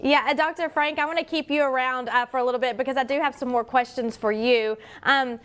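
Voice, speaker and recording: Woman, talk-show host, conversational, asks questions, somewhat high voice. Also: steady tone, quick pace, a bit bright, clear, resonant tone. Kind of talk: casual talk-show chat.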